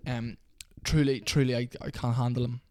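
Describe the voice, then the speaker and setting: A man's voice: mid-range voice, little pitch movement, moderate pace, a little mellow, no room sound, clean studio sound. A young man in an angry, profane rant to camera about a fighter. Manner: heated, profane, repetitive. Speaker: MMA commentator.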